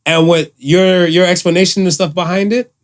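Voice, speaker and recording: A man's voice: sits high, moderate pace. A man co-hosting a casual podcast chat, telling stories animatedly and swearing freely. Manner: animated storyteller, profane, acts out quotes. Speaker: podcast co-host.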